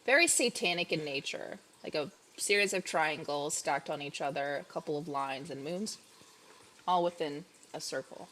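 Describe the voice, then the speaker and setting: A woman's voice: deep voice, moderate pace, a bit bright, a little hiss or hum. A woman narrating as game master in a casual, chatty way full of fillers.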